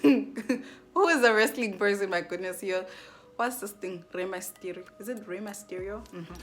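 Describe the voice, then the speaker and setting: A young woman vlogger telling a casual storytime, chatty and animated, full of fillers and acted-out asides. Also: mid-range voice, normal speed, faint music behind.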